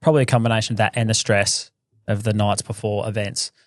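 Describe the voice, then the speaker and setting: A man's voice: lowish voice, level tone, fast, no echo, clean studio sound. Laid-back man co-host, blunt and sweary. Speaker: podcast co-host. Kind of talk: casual chat.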